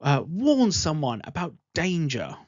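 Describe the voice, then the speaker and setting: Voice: medium pitch, wildly swooping pitch, unhurried, darkish tone, dry recording. An English teacher giving an online grammar lesson, speaking patiently and repeating example sentences. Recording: dull lo-fi voice recording.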